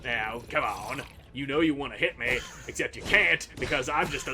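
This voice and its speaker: A man's voice: mid-range voice, moderate pace, few pauses, sharp tone, soft background music. A man giving crude, sarcastic commentary while playing a video game, trash-talking the enemies he fights. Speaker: gaming channel host. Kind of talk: gameplay commentary.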